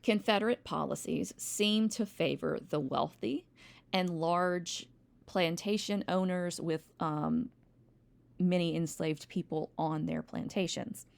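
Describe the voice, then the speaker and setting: A woman teacher with a fairly low, creaky voice gives a slow, recorded history lecture, rambling with wry asides and many ums. It's a home recording, with a textbook open nearby.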